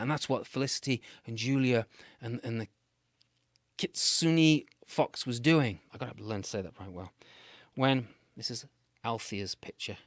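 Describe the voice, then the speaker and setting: A British man making up a playful, animated children's story, with big swings between loud and soft. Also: medium pitch, dry recording, clean studio sound.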